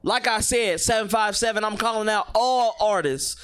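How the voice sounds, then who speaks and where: Brash high-pitched man hyping. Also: moderate pace, fairly bright tone, clean tone. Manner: brash, profane, hyped-up challenging. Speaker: podcast host. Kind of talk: casual podcast chat.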